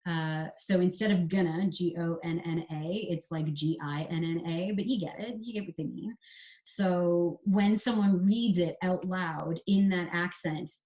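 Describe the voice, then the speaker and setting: A Canadian woman who writes screenplays, chatting through writing advice in a relaxed interview and spelling out examples. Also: fairly low pitch, unhurried. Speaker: screenwriter guest. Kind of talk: casual explanatory interview talk.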